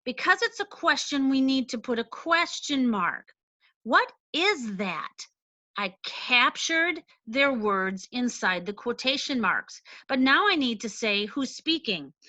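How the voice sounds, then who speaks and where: A woman teacher explaining a lesson slowly and deliberately, stressing each point. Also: sits high, animated, bright, forceful tone, no echo, dull audio. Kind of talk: recorded classroom lesson.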